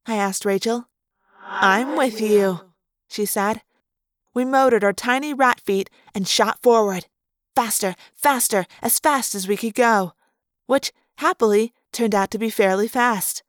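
A woman's voice: fairly high pitch, measured pace, no room sound, studio quality. Woman narrating a story in first person. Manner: expressive, acting out the action.

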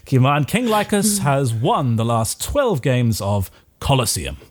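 A man's voice: mid-range voice, sing-song, unhurried. A man running a tabletop game as game master, narrating casually with lots of fillers.

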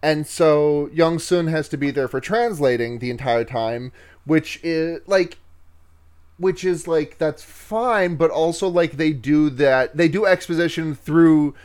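A man's voice: a little high, measured pace, a little mellow. A man co-hosting a casual podcast chat, laughing as he retells a film scene. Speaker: podcast co-host.

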